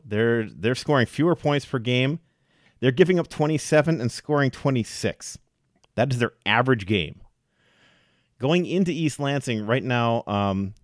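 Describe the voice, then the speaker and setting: Man, podcast host, casual sports talk, mid-pitch voice, dry close sound. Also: dry recording. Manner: chatty, analytical, laughs easily, quotes stats.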